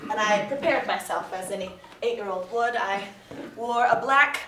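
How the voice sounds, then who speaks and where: A woman who teaches theatre tells a lively, laughing story to a live audience. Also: mid-range voice, normal speed, recorded from a distance. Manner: animated, laughing often. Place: performance room with an audience. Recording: echoey room, mic from afar, crowd noise.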